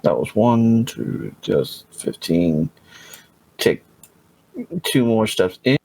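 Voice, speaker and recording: A man's voice: on the low side, sing-song, slow, gravelly, darkish tone. A man playing a tabletop game on a voice call, rambling and stopping himself mid-thought. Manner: rambling, self-interrupting. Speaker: player. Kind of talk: casual tabletop chat.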